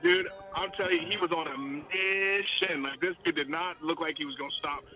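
A man telling stories as a country singer guest in a casual podcast chat, excitable and slangy with lots of restarts. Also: a little high, normal speed, rough recording.

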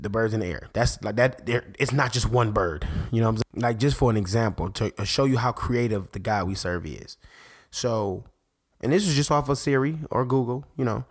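A man, a parent, hosting a faith podcast in an excitable, rambling monologue that keeps interrupting itself. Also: fairly low pitch, creaky. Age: adult parent. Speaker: podcast host.

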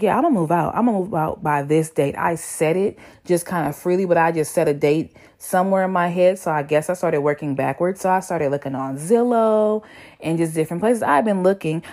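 A young woman, telling a story to her viewers in a chatty, slangy, animated way. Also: low-pitched. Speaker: vlogger. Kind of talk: casual storytelling to camera.

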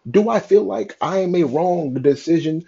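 A young man talking in a raw, halting, emotional confessional monologue, cursing often. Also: sits high, lively intonation, gravelly, warm tone, slightly rough. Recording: dull lo-fi sound.

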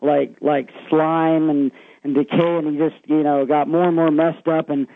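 A man's voice: a little high, level tone, normal speed, vocal fry, dry recording. A man calling into a radio show, retelling a secondhand ghost story in a rambling way and putting on spooky voices for the quotes. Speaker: caller. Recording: thin, tinny phone line.

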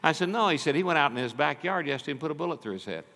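An older man preaching a sermon, telling stories and swinging from loud, urgent passages to hushed ones. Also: on the high side, expressive, rapid-fire. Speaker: pastor. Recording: long reverb of a large hall.

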